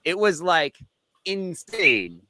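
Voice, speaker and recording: Bright, rambling man hosting a podcast. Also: high-pitched, takes it slowly, dry recording. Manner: rambling, animated storytelling with restarts and swearing. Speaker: podcast host. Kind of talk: casual podcast chat.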